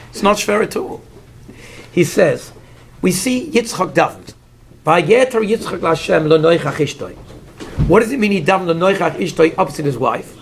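A man's voice: high-pitched, creaky, slight background noise. A man giving a Torah lecture, explaining commentaries in English mixed with Hebrew terms and acting out the figures in the story. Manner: animated, acts out the figures in the story. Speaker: Torah teacher.

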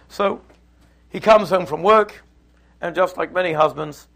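A man teaching a Torah class, lively and conversational, who acts out little scenes in voices. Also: on the high side, moderate pace, gravelly, slightly rough. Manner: animated, acts out the quarrel in put-on voices.

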